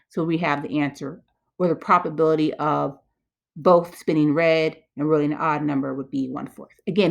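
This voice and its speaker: A woman math teacher talking herself through probability problems step by step, chatty and self-correcting. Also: fairly low pitch. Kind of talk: thinking-aloud math walkthrough.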